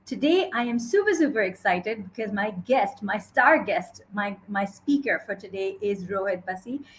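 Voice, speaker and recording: An enthusiastic woman hosts a live talk show, welcoming her guest with upbeat warmth. Faint noise sits behind her voice. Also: mid-range voice, lively intonation, moderate pace, poor audio. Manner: bubbly, enthusiastic. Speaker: host.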